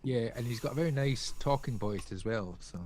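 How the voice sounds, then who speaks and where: A man's voice: medium pitch, fairly quick, darkish tone. A man co-hosting a music review livestream, chatting casually and jokily with many fillers. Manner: rambling, jokey, many fillers. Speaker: podcast co-host.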